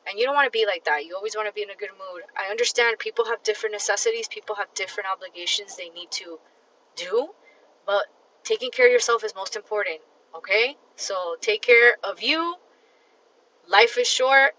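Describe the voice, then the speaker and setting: A woman hosts a casual solo podcast, tired but blunt and emphatic, swearing freely as she talks straight to the listener. Her voice is bright and forceful. The recording sounds dull and lo-fi. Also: medium pitch, fairly quick. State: tired and fatigued. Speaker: podcast host.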